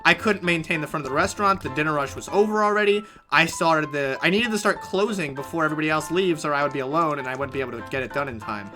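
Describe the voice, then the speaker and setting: A man live-streaming a game, telling a story in a casual, animated way, swearing freely and restarting mid-sentence. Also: a little high, fast, few pauses, music in the background. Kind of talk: casual storytelling while gaming.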